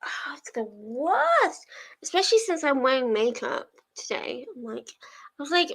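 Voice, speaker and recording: A young woman hosting reading sprints on a livestream chats casually with viewers, often laughing and sometimes tearing up. Her high voice is fairly bright, with big pitch swings at a moderate pace, though the audio is poor.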